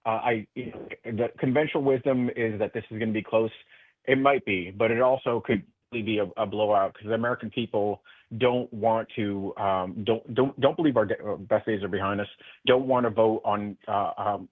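On a tinny phone line, a political guest joins a radio interview, speaking passionately and earnestly with many restarts. His voice is fairly low in pitch, and there's no echo.

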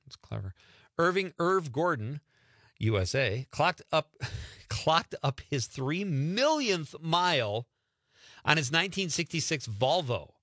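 Animated joking male radio host. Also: a little high, vocal fry, no echo, studio quality. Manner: animated, joking, laughs often. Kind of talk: casual radio chat.

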